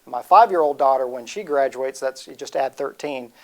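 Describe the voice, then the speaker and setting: A man's voice: medium pitch, fairly quick. A man in his forties giving a humorous motivational talk, rambling and interrupting himself as he tells stories. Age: 40s. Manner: rambling, self-interrupting storytelling. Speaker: speaker.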